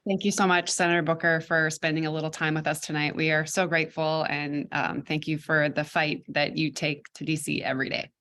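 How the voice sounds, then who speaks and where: Low-voiced woman hosting an event. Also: brisk, few pauses. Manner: relaxed, with frequent "um" fillers. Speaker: host of the event. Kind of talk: casual conversational hosting.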